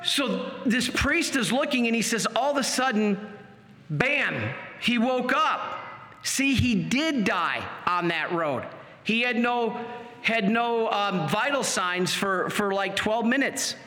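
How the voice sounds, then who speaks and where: A man telling a personal testimony in an animated, dramatic storytelling manner. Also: high-pitched, takes it slowly. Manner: animated, dramatic storytelling with sudden pace shifts. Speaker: speaker giving a testimony. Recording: long hall reverb.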